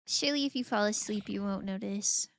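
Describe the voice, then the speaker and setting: A woman's voice: medium pitch, fairly quick. A woman streamer chatting casually and playfully while gaming, rambling, giggling and reading out chat messages.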